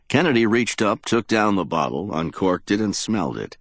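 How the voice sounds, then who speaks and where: A man's voice: on the low side, big pitch swings, normal speed, dry recording. A man narrating a hardboiled crime audiobook in a dramatic storytelling manner.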